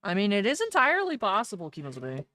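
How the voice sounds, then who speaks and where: A woman's voice: mid-range voice, wildly swooping pitch, fast talker, sharp tone, dry recording. A woman hosting a card-opening livestream, chatting casually, greeting viewers by name and joking with chat. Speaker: livestream host opening trading card packs.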